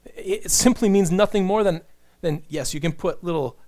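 A middle-aged man preaching a sermon, earnest and animated, with joking asides to the congregation. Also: sits high, normal speed. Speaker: pastor.

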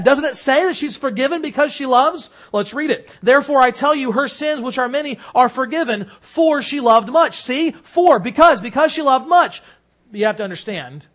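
Male pastor, middle-aged, high-pitched, preaching with rising and falling force. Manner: earnest preaching, swelling louder on key lines then dropping low. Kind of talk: sermon.

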